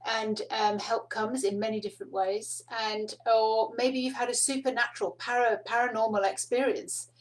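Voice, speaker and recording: Soft-spoken woman reading oracle cards. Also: fairly high pitch, steady tone, moderate pace, hardly any pauses, poor audio. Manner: soft, meandering, with light laughs and fillers. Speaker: spiritual card reader and host. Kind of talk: casual spoken teaching to camera.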